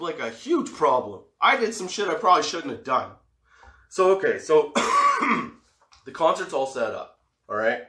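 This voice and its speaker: Forty-something guy telling a wild story on a podcast, bright voice, roomy echo, cusses a lot. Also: medium pitch. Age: 40s. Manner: profane, animated storyteller who laughs often. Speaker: comedy podcast host. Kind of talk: casual storytelling.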